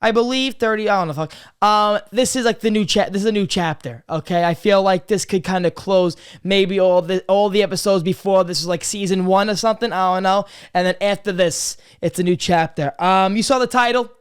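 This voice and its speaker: A man in his twenties hosting a casual confessional vlog, crude and swearing, swinging from loud joking greetings to quiet serious talk. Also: high voice, fairly quick, few pauses, smooth. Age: 20s. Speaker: podcast host.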